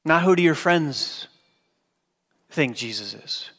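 Male pastor, sermon delivery, emphatic, somewhat high voice, long reverb of a church hall. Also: animated, slow pace. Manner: emphatic preaching, dropping low and soft for quoted scripture.

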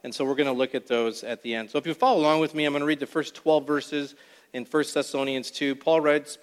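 Emphatic preacher in a reverberant hall. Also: male voice, fairly high pitch, fairly even intonation, smooth. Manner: deliberate, emphatic Bible teaching. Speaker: pastor. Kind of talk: expository sermon. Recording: long reverb of a large hall.

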